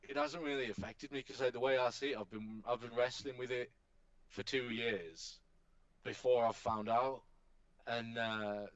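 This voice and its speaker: A man tells animated stories as a podcast guest and swears casually. His voice sits at a middling pitch. The recording is dry and a little dull. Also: normal speed, no echo. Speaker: professional wrestler guest.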